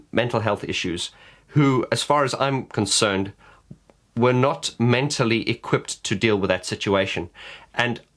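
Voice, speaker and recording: A man talking straight to camera in a casual opinion vlog. His voice sits a little low, and he speaks bluntly, often stumbling and repeating words as he goes. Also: a bit bright. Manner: frank, blunt, stammering restarts. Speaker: vlogger and vocal coach.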